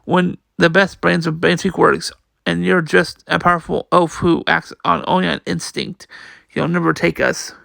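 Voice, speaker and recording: A man's voice: fairly high pitch, flat delivery, moderate pace, creaky, pushed and bright, no room sound, clean studio sound, full character voice. A man voicing a smug, scheming villain in a manga read-aloud, gloating and boastful.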